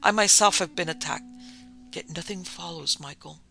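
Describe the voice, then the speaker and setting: A man voicing a weary, despairing older man in a dark story reading, speaking low and heavily over faint music. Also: moderate pace, creaky, a little hiss or hum.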